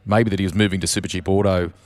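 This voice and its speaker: A man's voice: deep voice, level tone, rapid-fire, no room sound. A man hosting a podcast, prompting his guest's stories with eager interjections and a friendly "mate". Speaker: podcast host. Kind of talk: casual interview.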